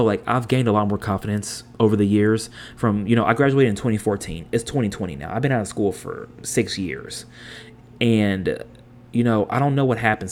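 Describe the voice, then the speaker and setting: A man's voice: fairly low pitch, slight background noise. Blunt, cursing man in his twenties. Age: 20s. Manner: blunt, heavy cursing, heated rants. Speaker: podcast host. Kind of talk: personal monologue.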